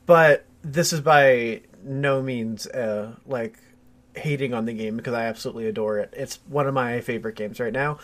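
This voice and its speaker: A young man co-hosting a podcast, explaining his views in an easygoing way with many fillers. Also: mid-range voice. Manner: measured, explanatory, hedging with fillers. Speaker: podcast co-host. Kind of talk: casual chat.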